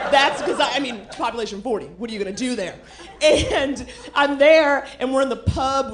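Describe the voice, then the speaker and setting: A woman doing a stand-up comedy set on a club stage, brash and animated, swearing freely. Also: a little high.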